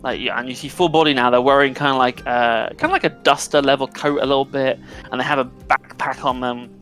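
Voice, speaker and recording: A man runs a tabletop game, describing scenes in a loose, casual way full of fillers. His voice sits at a middle pitch, with faint music playing under the talk. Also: fairly even intonation, brisk, a bit bright. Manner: casual, filler-heavy narration. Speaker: game master.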